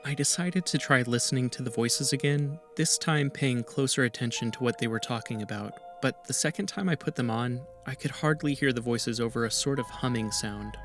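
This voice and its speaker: A man reading a first-person horror story in a steady, even narration. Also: medium pitch, brisk, hardly any pauses. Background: music.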